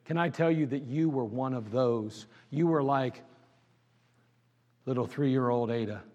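A man preaching a sermon in a church, asking the crowd question after question and swinging between loud pleading and hushed tones. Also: mid-range voice, a little slow, long reverb tail, lo-fi sound.

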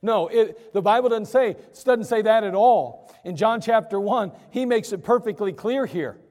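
A man's voice: sits high, moderate pace, darkish tone, big-room sound. A male pastor preaching a sermon in an emphatic, conversational way, acting out his listeners' objections. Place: church.

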